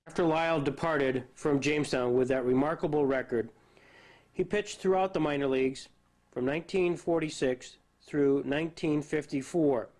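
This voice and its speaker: Male narrator, somewhat high pitch, measured documentary read. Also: darkish tone. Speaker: narrator and interviewer.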